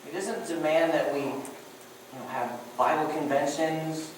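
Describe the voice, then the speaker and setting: Casual joking preacher, echoey church. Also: male voice, a little high, fairly even intonation, unhurried. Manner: conversational and joking, many restarts. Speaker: pastor. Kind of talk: sermon. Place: church sanctuary. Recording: distant mic with echoey room and faint noise.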